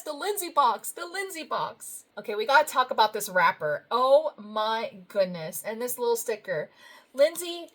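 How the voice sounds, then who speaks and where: A woman's voice: a little high, a bit bright. A woman budgeting vlogger chatting casually as she opens happy mail, gushing and effusive, full of thank-yous and little laughs.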